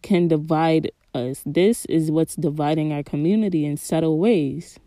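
Podcast host, New York woman with a low, warm voice, casual and rambling, full of slang. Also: unhurried. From New York City. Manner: rambling, slang-heavy, conversational. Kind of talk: casual monologue and story time.

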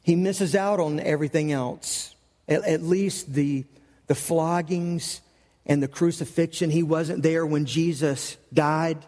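A man's voice: fairly high pitch, fairly even intonation, takes it slowly, a little mellow, in a large hall. A male pastor preaching a sermon, telling the story conversationally and acting out the quoted lines.

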